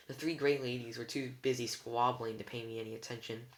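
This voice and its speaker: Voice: medium pitch, steady tone, brisk, hardly any pauses, echoey room. A reader narrating a storybook chapter aloud in the first person, with a few small slips and restarts.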